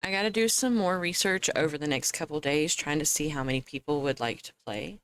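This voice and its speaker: With a low-pitched, clear and resonant voice, this young woman talks fairly quickly while live-streaming a game. She's chatty, laughing frequently and talking to both her viewers and herself as she plays.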